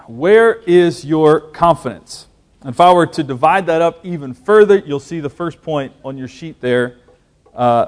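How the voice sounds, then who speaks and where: A man with a fairly high voice preaches, reading a passage aloud and then teaching from it. He talks with lively emphasis and drops in light jokes as he explains each point. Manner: animated preaching with scripture reading and humor. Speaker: pastor. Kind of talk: sermon.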